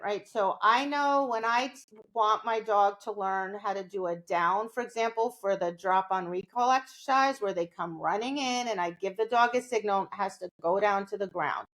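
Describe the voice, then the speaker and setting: A woman's voice: medium pitch, fairly bright tone. A woman co-hosting a podcast, explaining dog training in a casual, conversational way and often checking in with "right?".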